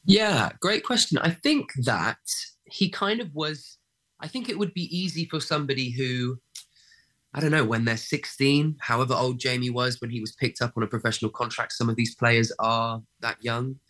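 A young actor, a guest in a casual interview, pausing often with fillers and restarts as he thinks aloud. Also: medium pitch, fairly bright tone, low-quality recording. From England. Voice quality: many fillers and restarts, thoughtful.

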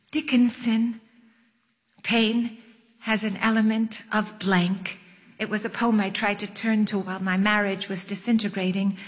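A woman narrating her memoir in a wry, literary, self-mocking manner. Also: mid-range voice. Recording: long echoing reverb.

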